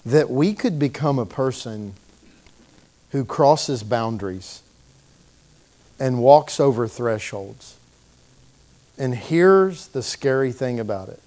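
A man preaching a sermon in a church, telling the story with animated delivery and acting out the voices of its people. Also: medium pitch, slow pace, long pauses. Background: congregation calling out responses.

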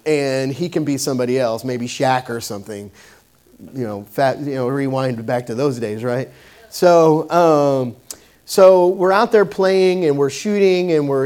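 A man delivers a sermon in a relaxed, conversational way, leaning on fillers and restarting his sentences as he goes. His voice sits a bit on the higher side for a man. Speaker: pastor. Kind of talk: sermon with personal story.

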